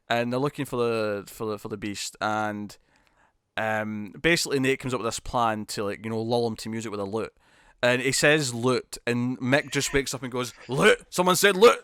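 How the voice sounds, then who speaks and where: A man's voice: mid-range voice, smooth, no room sound, studio quality. A man co-hosting a TV podcast, chatting casually and animatedly, laughing as he retells scenes. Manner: animated, laughing, quick retelling with acted quotes. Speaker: podcast co-host. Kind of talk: casual chat about TV episodes.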